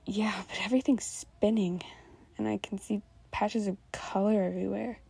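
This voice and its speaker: A woman's voice: medium pitch, fairly even intonation, normal speed, gravelly, warm tone, husky, dry recording. A woman voicing a weak, dazed young man who speaks faintly in a whispered role-play.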